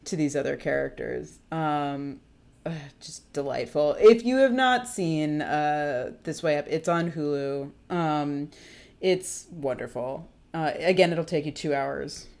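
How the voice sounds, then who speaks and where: Low-voiced woman, casual co-host, rambling chatty delivery. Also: lively intonation, slow pace, gravelly, darkish tone. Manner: chatty, filler-heavy, laughs often. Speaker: podcast co-host. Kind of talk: casual chat.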